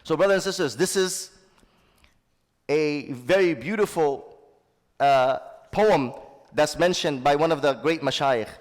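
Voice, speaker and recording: A man with a high voice preaches a sermon, reciting Arabic and then translating it line by line. He often calls his listeners brothers and sisters. His voice rings with the long reverb of a big hall. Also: measured pace, pauses often. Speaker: Islamic teacher.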